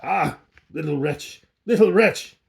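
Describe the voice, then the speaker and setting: A man's voice: on the high side, takes it slowly, vocal fry, exaggerated voice. A man doing a harsh, grating sinister old alchemist. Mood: roaring. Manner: hissing, lisping, roaring at times. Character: sinister old male alchemist, cruel and gloating.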